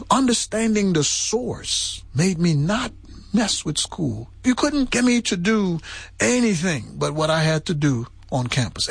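Husky, animated preaching man. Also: no echo. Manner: impassioned preaching, rising in pitch. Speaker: pastor. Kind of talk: sermon.

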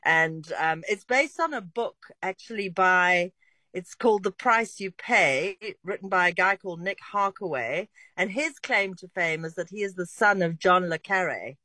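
A woman's voice: on the low side, expressive, a little slow, bright, forceful tone, no room sound. A woman reviewing a TV series on the radio, chatty and rambling with many restarts. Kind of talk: casual radio chat. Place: radio studio. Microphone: close studio mic.

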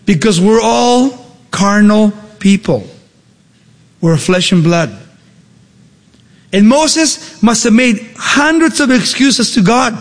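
A man's voice: sits high, lively intonation, slow pace, long pauses, in a large hall. A man preaching a sermon, emphatic, with rhetorical questions and shifting pace. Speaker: pastor.

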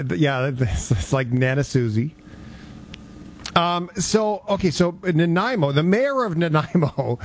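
Lively joking male radio host. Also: fairly high pitch. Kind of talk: casual chat.

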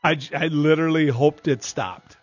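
A man's voice: on the high side, normal speed, no echo, muffled recording, soft background music. Rambling man, casual radio banter. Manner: rambling storyteller with restarts. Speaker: radio co-host.

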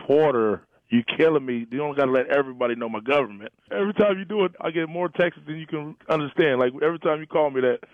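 Fast-talking man on a tinny phone line. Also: a little high, dry recording.

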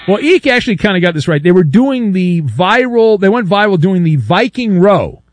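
A middle-aged man hosts a talk radio show from a radio studio, using a studio microphone. His high voice moves at normal speed in animated, jokey, rambling banter packed with fillers.

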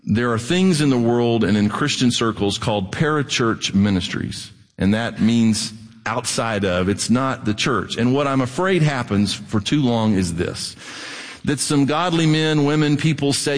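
A middle-aged male pastor preaching a sermon in an animated way, rising almost to a shout at his peaks. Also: mid-range voice, a little slow, big-room sound.

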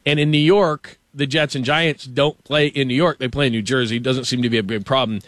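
A man hosting a casual sports talk show, ranting with animated stammers about a team's stadium. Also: mid-range voice, brisk, dry recording. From Los Angeles. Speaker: show host.

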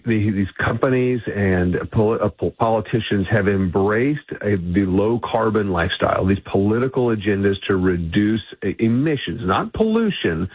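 Deep-voiced man on a tinny phone line. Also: breathy edge, dry recording. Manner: assertive, emphatic advocacy with frequent restarts. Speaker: energy policy guest. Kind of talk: phone-in radio interview.

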